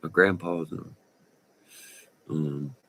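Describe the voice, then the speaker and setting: A rumbling low male voice, extremely slow and fairly even in intonation, with a fairly bright tone. He's a middle-aged ex-oil field worker with a West Texas drawl, sharing folksy, slangy stories on a casual vlog and laughing between remarks.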